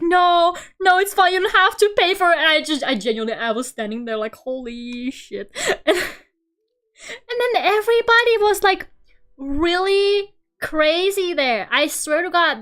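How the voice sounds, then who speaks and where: Very high-voiced young woman rambling. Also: sharp tone. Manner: rambling, filler-heavy storytelling with frequent laughs. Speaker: streamer. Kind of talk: casual livestream chat while drawing.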